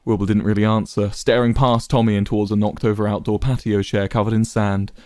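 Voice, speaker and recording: A man reading a dramatic story aloud with expressive, varied storytelling. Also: lowish voice, fast, dry recording, clean studio sound. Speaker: narrator. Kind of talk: dramatic fan fiction reading.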